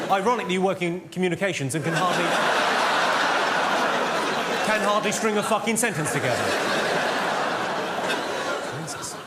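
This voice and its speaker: A man doing a stand-up routine on a theatre stage, delivering crude one-liners and teasing the audience in a deadpan way. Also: sits high, normal speed, pauses often, over a noisy crowd, heavy background noise. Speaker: stand-up comedian. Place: live theatre stage before a laughing audience. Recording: loud audience laughter behind.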